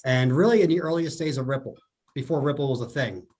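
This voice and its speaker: Podcast guest, man, New Jersey accent, mid-pitched, chatty and explanatory. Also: fast talker, darkish tone, slight background noise. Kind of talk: casual podcast interview.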